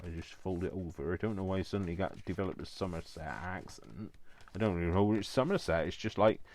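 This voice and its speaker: A man's voice: low voice, quick pace, a little mellow, a little hiss or hum. A man in his fifties chatting casually and rambling with self-mocking asides while he does a craft project. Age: 50s. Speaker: craft vlogger.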